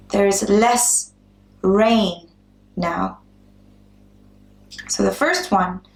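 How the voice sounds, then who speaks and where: Slow, patient woman teaching English. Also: mid-range voice, echoey room. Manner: patient, spells out examples and repeats words. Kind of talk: slow, clear English lesson.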